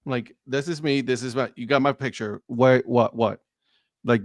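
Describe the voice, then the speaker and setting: A man on a casual sports talk stream, telling an animated story and acting out the dialogue. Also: mid-range voice, moderate pace, dry recording, studio quality. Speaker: co-host. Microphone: live stream remote mic.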